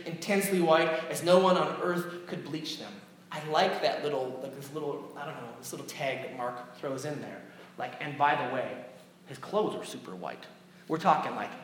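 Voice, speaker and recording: A man preaching a sermon, telling the story with animated, sarcastic acted-out quotes. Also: on the high side, slight background noise. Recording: echoey hall, mic far off.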